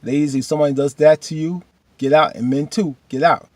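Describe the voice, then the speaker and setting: A man's voice: a little high, fairly even intonation, brisk, no echo. A man casually recapping a TV episode, chatty and slangy, rambling with restarts.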